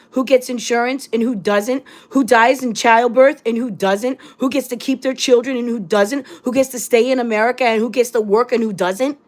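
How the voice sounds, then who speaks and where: Fired-up woman ranting live, cussing, kinda high voice, hammering the same phrases over and over. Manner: angry, blunt and profane; rhetorical, repeating phrases. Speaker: livestream host. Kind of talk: impassioned livestream rant.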